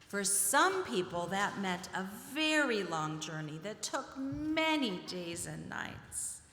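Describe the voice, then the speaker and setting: Animated woman narrating a church pageant. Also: medium pitch, slow pace. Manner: animated, directing children warmly. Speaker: religious education leader narrating a pageant. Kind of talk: storytelling narration for children. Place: church sanctuary. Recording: reverberant church hall with music. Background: music.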